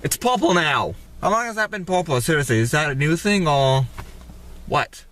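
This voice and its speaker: A man reacts loudly and in disbelief to a cartoon, his voice somewhat high and swinging widely in pitch. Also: animated, normal speed. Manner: incredulous, loud.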